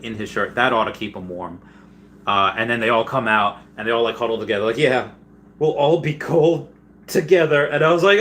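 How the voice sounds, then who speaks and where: A man hosting a casual livestream, reading viewer comments aloud and rambling excitedly, often trailing off mid-sentence. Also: fairly low pitch, a little hiss or hum. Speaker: livestream host.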